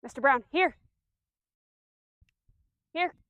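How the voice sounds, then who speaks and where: A woman dog trainer giving a demonstration outdoors, explaining steps clearly, giving firm commands and soft praise to the dog. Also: high-pitched, drawn-out words, no echo.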